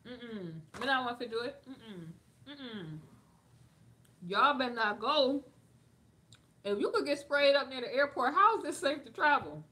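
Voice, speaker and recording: Sassy black woman reading news and reacting, bright higher voice. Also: measured pace, long pauses. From United States. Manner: sassy, animated, reads an article and comments on it. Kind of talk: casual commentary reading news aloud.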